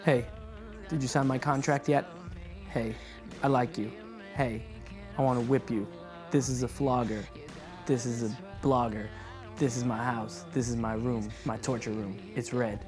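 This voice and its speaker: A man imitating a young billionaire who talks in a flat, robotic monotone. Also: medium pitch, unhurried, pauses often, music in the background, pitched below the performer's own voice, natural voice. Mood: deadpan. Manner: monotone, deadpan.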